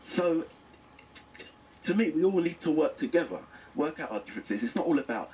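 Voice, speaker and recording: A middle-aged man as a radio guest, earnest and animated, telling stories as he reviews the news. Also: fairly high pitch, normal speed, recorded from a distance, slight background noise, low-quality recording. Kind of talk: casual radio chat.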